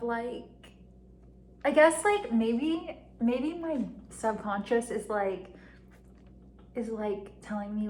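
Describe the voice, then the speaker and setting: A young woman vlogging in a casual confessional monologue, rambling with constant fillers and frequent giggles. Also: fairly high pitch. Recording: echoey room with faint ambient noise.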